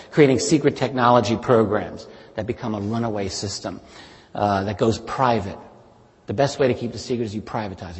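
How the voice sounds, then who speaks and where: A man giving a public talk, earnestly retelling witness stories and building suspense, his voice often trailing softer at the end of a point. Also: on the low side. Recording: long reverb of a large hall.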